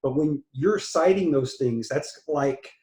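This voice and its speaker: Male interviewer, effusive and rambling, average pitch, recorded in a roomy space. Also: slow, warm tone. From Texas. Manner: enthusiastic, rambling with restarts. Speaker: interviewer, publisher. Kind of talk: conversational interview.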